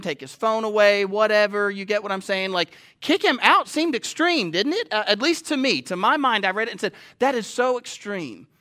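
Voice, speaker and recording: A man's voice: high voice, bright, forceful tone. A man preaching a sermon from a stage to a live audience, talking conversationally and often asking the listeners questions. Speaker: pastor.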